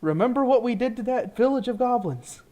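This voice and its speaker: A player voicing a calm, cautious adventurer in a tabletop game, speaking in a hushed, low, conspiratorial way. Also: fairly quick, lightly acted. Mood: cautioning. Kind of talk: tabletop role-play.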